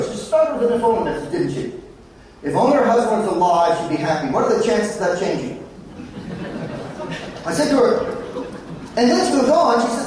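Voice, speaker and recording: High-voiced man speaking in an echoey hall. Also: a little fast, far from the mic, a little hiss or hum. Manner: animated, acts out client dialogues in a raised voice. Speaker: psychologist giving a conference talk. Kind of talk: storytelling presentation to an audience. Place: conference hall.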